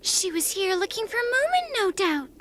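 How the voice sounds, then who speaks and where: A woman voicing a dreamy, excitable young female creature in a cartoon, speaking with dramatic, breathy flair. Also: very high voice, moderate pace, noisy background. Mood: wondering. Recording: cartoon dub over clear music.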